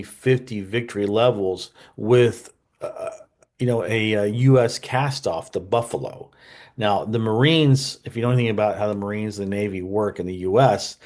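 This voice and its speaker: A man's voice: on the low side, a little mellow. A man hosting a history channel, talking casually and unscripted, full of fillers, asides and wry jokes. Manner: rambling, conversational, many fillers and asides.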